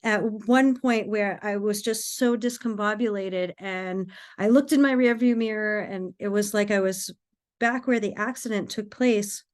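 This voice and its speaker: A woman, a podcast guest, telling a personal story in an earnest, animated way. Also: medium pitch, unhurried.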